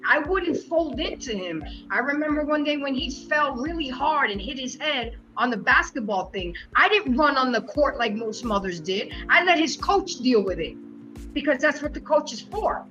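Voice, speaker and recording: A woman's voice: high-pitched, lively intonation, normal speed, sharp tone, soft background music. A woman hosting a casual panel debate, talking emphatically and telling stories from her own life, over slightly dull lo-fi stream audio. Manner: emphatic and storytelling. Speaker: show host.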